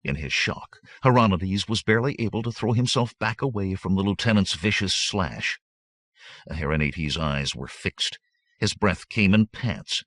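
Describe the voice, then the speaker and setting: A man reads an adventure novel aloud with a deep, lively voice that moves a lot in pitch. His tone is bright and crisp, and the recording is dry and close. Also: dry recording. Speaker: audiobook narrator. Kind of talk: scripted narration.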